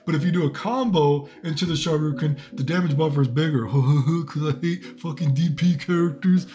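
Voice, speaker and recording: A man's voice: a little high, normal speed, dark tone, faint music behind, natural voice. A man voicing a smug, nerdy male game developer imagined as a robot, boasting and gloating. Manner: boastful, gloating, laughing at himself.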